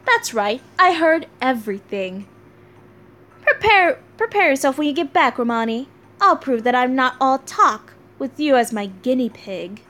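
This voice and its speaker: Smug high-voiced woman inventor, read by a female player, teasing. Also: very animated, a little slow, a bit bright, exaggerated voice. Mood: boastful.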